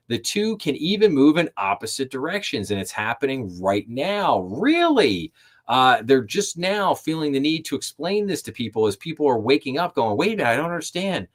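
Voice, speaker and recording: Sarcastic man reading financial news. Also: medium pitch. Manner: sarcastic, skeptical asides between read-out passages. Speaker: host.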